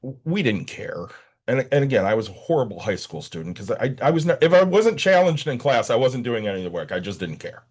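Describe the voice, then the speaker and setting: A man's voice: medium pitch, fairly quick. A man in his forties hosting a podcast, telling stories in a casual chat. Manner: animated storyteller. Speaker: podcast host.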